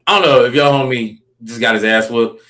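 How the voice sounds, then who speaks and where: A man's voice: mid-range voice, brisk, pushed and bright. A man, a comedian, telling stories in a casual, rambling interview and checking in with "you know what I mean" often. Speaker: comedian guest. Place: Los Angeles.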